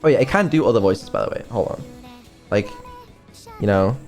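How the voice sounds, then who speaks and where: A man's voice: on the low side, lively intonation, brisk, darkish tone. A man streaming casually as a developer, hesitant and full of ums, with some casual swearing. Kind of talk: casual live-stream chat. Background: faint music.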